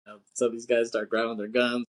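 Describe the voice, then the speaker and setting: This man talks fast in a mid-range voice with a level tone. Co-hosting a podcast, he retells a movie scene in a loose, profane way, laughing a lot and performing the characters' lines.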